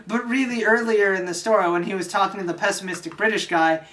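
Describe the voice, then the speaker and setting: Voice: mid-range voice, fairly even intonation, fast, fairly bright tone. A young adult channel host casually recapping a movie, rambling and swearing often. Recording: distant mic with faint hiss.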